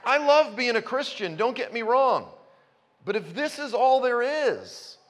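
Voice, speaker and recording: A man's voice: very high-pitched, big pitch swings, a little slow, a bit bright. A man preaching a sermon, conversational at first and building to passionate emphasis. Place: church. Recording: long reverb in a church hall.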